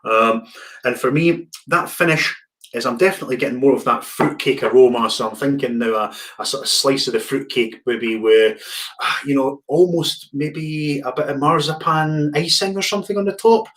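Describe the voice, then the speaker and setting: A man with a relaxed, chatty manner, hosting an online whisky tasting and often repeating words as he searches for them. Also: mid-range voice, moderate pace. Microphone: video call.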